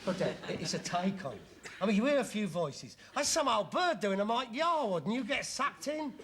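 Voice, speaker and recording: An actor playing a sarcastic, mocking middle-aged son in a sitcom scene. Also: male voice, high voice, very animated, moderate pace, fairly bright tone, a little hiss or hum. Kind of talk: 1970s sitcom acting.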